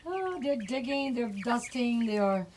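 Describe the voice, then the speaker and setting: A woman's voice: fairly high pitch, lively intonation, a little slow, darkish tone, a little hiss or hum. A woman chatting casually outdoors by her chicken coop, cooing fondly at her hens while a companion films on a phone. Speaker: backyard chicken keeper. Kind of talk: casual chat. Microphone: phone held by companion. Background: clucking chickens.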